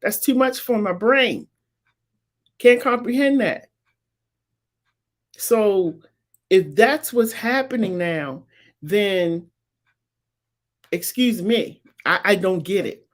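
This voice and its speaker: A woman's voice: mid-range voice, slow pace. A woman, hosting a live commentary show and making her points with emphatic, repetitive insistence. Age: 50s. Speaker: talk show host. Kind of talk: live-streamed commentary answering viewers.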